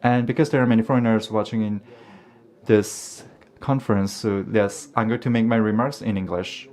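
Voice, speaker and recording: A man's voice: fairly low pitch, fairly even intonation, normal speed, a little mellow. A man giving an earnest live English interpretation of a formal debate, sometimes restarting a phrase.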